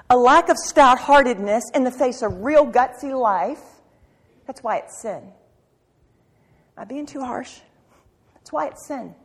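A woman preaching a sermon with passion, firing rhetorical questions and swinging from loud to hushed. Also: fairly high pitch, husky. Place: church sanctuary. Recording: reverberant hall.

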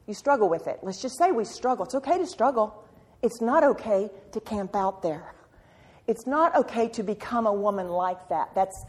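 A woman preaching a sermon with passion, firing rhetorical questions and swinging from loud to hushed. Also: mid-range voice, slightly rough. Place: church sanctuary. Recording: reverberant hall.

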